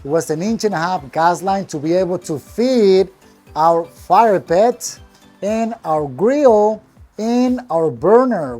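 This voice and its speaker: Man, contractor type, plainspoken and upbeat, recorded outdoors with soft music underneath. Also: sits high. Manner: upbeat, plainspoken, proud of the work. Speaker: landscaping contractor. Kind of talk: casual project walkthrough. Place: outdoors in a backyard patio.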